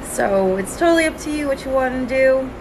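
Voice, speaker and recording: A woman's voice: high voice, lively intonation, fairly quick, background noise. A woman acting out a patient, firm sandwich shop worker and a demanding, threatening customer in a comedy skit.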